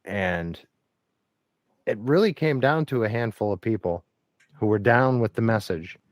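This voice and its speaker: Deep-voiced man making a point. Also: expressive, measured pace, dry recording. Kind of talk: casual conversation.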